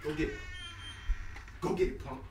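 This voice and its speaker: A man's voice: normal speed, darkish tone. A young man, the host, talking back at his brother in exasperated, slangy casual banter. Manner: exasperated, slangy, keeps saying bro. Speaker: channel host. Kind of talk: casual prank video banter. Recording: echoey room, distant mic, faint noise.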